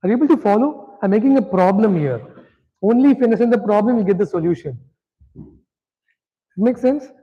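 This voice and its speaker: A man leads a scripture lesson in a relaxed, conversational way. His voice sits fairly high, and he keeps checking whether listeners are following. The recording is dull and lo-fi. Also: fairly quick, long pauses. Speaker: scripture class teacher. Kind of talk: interactive lecture.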